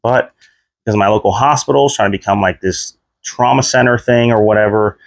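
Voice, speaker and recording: A man in his thirties casually telling a personal story, leaping up in pitch whenever he replays his own reactions. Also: fairly quick, no echo, clean studio sound. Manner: animated retelling, voice jumps high when quoting himself. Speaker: vlogger.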